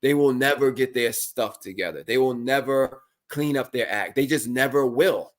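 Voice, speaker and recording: A man with a mid-range voice co-hosts a relaxed conversation about money and mindset. He talks casually and often slips into exaggerated voices to act out the people he quotes. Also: medium pitch, moderate pace. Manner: animated storytelling, acts out quotes in exaggerated voices. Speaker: podcast co-host.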